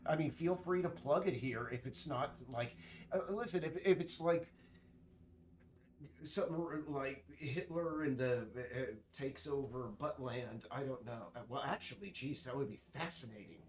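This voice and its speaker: A man streaming, chatting casually in a rambling, halting way full of restarts while he works. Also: medium pitch, a little hiss or hum. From United States.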